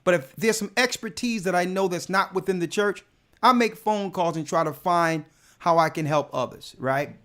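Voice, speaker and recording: A man's voice: high-pitched, moderate pace, pushed and bright. A man, a church elder, telling a personal testimony in casual speech, emphatic and often repeating words as he builds his point.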